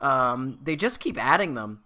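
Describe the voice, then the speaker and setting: Bright, animated man cracking jokes. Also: medium pitch. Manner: animated, jokey, quick with comic remarks. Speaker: podcast co-host. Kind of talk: casual chat.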